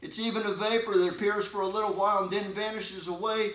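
A man preaching a sermon as pastor, folksy and animated, with sudden loud emphasis and quiet asides. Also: sits high, quick pace. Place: church sanctuary. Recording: echoey church hall.

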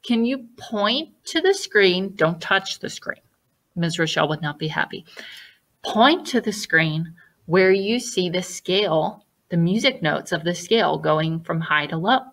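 A woman's voice: lowish voice, lively intonation, unhurried, fairly bright tone. A woman music teacher giving a children's lesson online in a patient, sing-song teacherly way.

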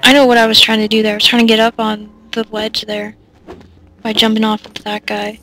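A woman's voice: on the high side, completely flat delivery, fairly quick, bright, forceful tone. A woman casually commenting over gameplay, rambling and self-deprecating, with lots of fillers and giggles. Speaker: let's play commentator.

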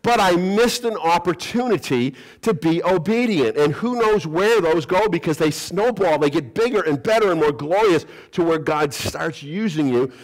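Animated higher-voiced male pastor preaching. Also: normal speed, few pauses, low-quality recording. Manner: animated storytelling, acting out quoted voices with humor. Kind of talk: sermon. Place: church sanctuary.

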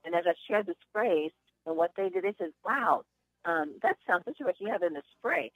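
A woman's voice: lowish voice, animated, a little fast, no echo. Chatty woman hosting a phone call. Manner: chatty storyteller, upbeat encouragement. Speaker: host of a conference call for sales reps. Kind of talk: motivational sales talk with anecdotes.

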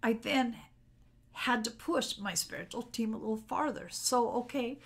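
A woman's voice: a little high, measured pace, creaky, a bit bright, breathy edge. A middle-aged woman talking unscripted to her camera at home, rambling in a candid, personal way. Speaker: spiritual vlogger. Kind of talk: unscripted solo talk to camera. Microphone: camera mic.

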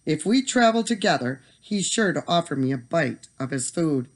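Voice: medium pitch, lively intonation, moderate pace, close to an everyday voice. A storyteller voicing a scheming, selfish young man in a bedtime storybook reading, with a sneering, greedy manner.

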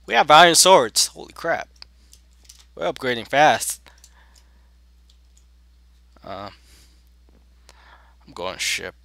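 A man giving excitable gaming commentary at a close desk mic, jumping between loud yelps and sneaky whispers. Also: mid-range voice, slow pace, gravelly, pauses often, dry recording. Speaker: gaming video host.

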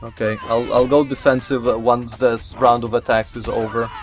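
Excitable man commentating a game. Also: medium pitch, normal speed, faint music behind. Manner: excitable, talks to the game characters, mild swearing, laughs at himself. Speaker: let's play host. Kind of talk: casual gameplay commentary.

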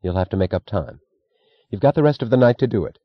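A man's voice: on the low side, animated, quick pace, no echo, muffled recording, voice pushed up. A man reading the part of a woman railroad executive in her thirties, speaking with cool, unstressed authority. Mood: commanding.

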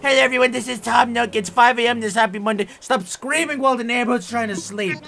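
A man's voice: very high-pitched, quick pace, gravelly, bright, forceful tone, voice pushed up, heavily acted. A man reading out the lines of a male raccoon shopkeeper making island announcements. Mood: announcing. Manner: reading announcement text aloud.

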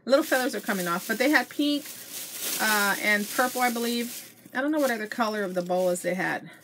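A woman's voice: on the high side, brisk, fairly bright tone. Middle-aged woman, chatty haul vlogger gushing to viewers, home camera mic, faint hiss behind. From Texas. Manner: chatty, gushing, addresses viewers as you guys. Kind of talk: casual show-and-tell chat.

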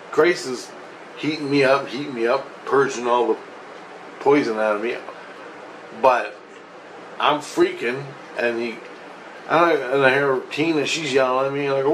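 A man's voice: medium pitch, moderate pace, pauses often, a bit bright, slight background noise, low-quality recording. A man telling a personal story in a rambling, agitated, profane way, restarting often. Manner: profane, agitated, restless retelling with frequent restarts.

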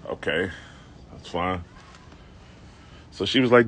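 On a city street, a man with a fairly low, bright and slightly rough voice recounts a comic episode from his life at normal speed. He addresses his live-stream viewers with slangy, self-deprecating asides as he goes.

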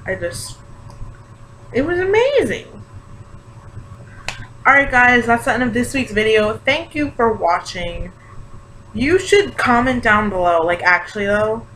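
A young woman chatting excitedly in a casual reaction vlog, gushing and full of fillers. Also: mid-range voice, poor audio. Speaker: vlogger. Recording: faint background hiss.

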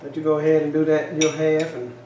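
A man's voice: fairly high pitch, completely flat delivery, fast talker, very noisy. A man co-hosting a home cooking taste test, exclaiming and chatting folksy in a kitchen. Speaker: cooking channel co-host. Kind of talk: casual taste-test chat. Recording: echoey kitchen, faint ambience.

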